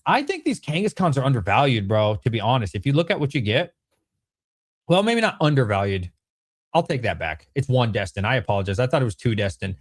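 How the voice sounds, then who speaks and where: A man's voice: medium pitch, dry recording, clean studio sound. A man casually running through card products on a live stream, chatty and rambling, correcting himself as he goes. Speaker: Pokemon card seller streaming.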